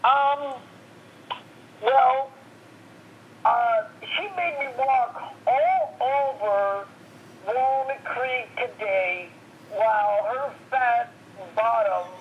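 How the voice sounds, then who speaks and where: Tired, halting woman over a dull phone line. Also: fairly high pitch, slight background noise. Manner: halting, repeats words, aggrieved. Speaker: phone-in guest. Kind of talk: casual phone chat.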